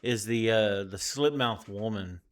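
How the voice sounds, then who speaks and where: A tired man co-hosting a casual podcast chat, telling stories with lively quoted voices. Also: lowish voice, unhurried. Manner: animated storyteller, acts out quoted voices. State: tired, yawning. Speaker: podcast co-host.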